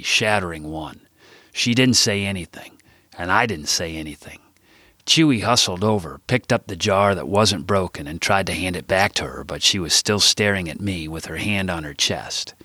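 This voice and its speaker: A man reading his own book aloud as first-person narration, jumping much higher and louder whenever he voices dialogue. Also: slightly rough, no room sound, studio quality.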